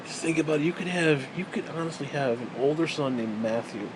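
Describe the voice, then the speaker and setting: A man's voice: fairly high pitch, brisk, background noise. A man in his forties ranting in a rambling, sarcastic, profane monologue as a vlogger.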